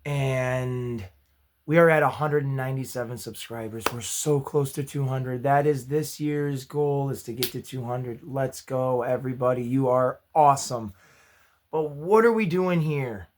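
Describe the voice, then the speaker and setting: A man hosting his own movie review channel, chatty and upbeat with self-deprecating asides, his voice going hoarse. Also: medium pitch, a little slow, slight background noise. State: losing his voice. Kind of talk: casual spoken movie review.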